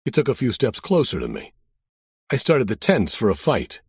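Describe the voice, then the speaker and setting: Husky-voiced male audiobook narrator. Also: mid-range voice, wildly swooping pitch, moderate pace, a little mellow, no room sound, studio quality. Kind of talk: first-person thriller narration.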